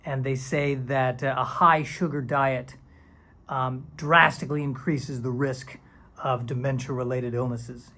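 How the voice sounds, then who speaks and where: A man talking casually to camera in a vlog, rambling and playful, sometimes dropping into silly whispers and mock dramatic voices. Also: mid-range voice. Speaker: video creator.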